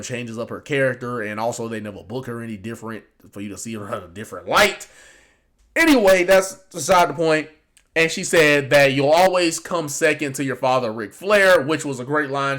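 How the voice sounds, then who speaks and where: A man's voice: mid-range voice, fairly bright tone. A man giving casual, rambling reaction commentary on a show, with lots of fillers and restarts. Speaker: wrestling commentary YouTuber.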